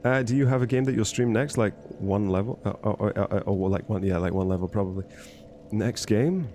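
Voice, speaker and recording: A man with a fairly low, mellow voice chats briskly during a game stream, with slight background noise. He's jokey and rambling, constantly interrupting himself.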